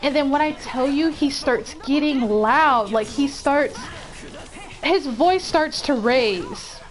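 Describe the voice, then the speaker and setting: A high-voiced woman streamer tells a story casually over a desk microphone. She swears freely and gets animated, building to heated outbursts. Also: slow. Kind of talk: casual storytime while gaming.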